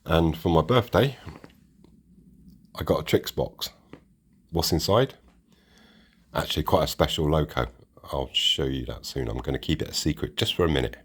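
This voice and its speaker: Very deep husky man. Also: normal speed, long pauses. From United Kingdom. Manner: chatty and rambling, restarts sentences. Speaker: model railway channel host. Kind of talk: casual chat while unboxing.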